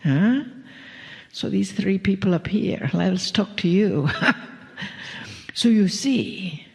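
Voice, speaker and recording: A woman channeling a spiritual message to a live audience, drawn out and slipping into soft whispers with playful chuckles. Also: mid-range voice, expressive, slow, gravelly. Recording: long reverb of a hall.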